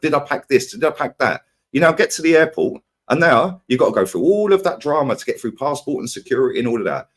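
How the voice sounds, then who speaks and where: Ranting man with a lively voice. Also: medium pitch. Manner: ranting, animated, rhetorical "yeah?" and "right?". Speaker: football fan pundit. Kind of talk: heated fan debate.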